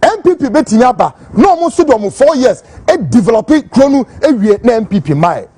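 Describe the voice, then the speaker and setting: A Ghanaian man delivering fiery political commentary as a host. His voice sits high and swings widely as he rants. The tone is mellow but husky, recorded close and dry. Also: big pitch swings, fairly quick, no echo. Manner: fiery, emphatic ranting; switches between Twi and English.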